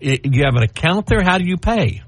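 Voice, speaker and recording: A man hosting a radio talk show, casual and folksy, prodding his co-host with questions and quick interjections. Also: on the high side, very animated, husky, no room sound.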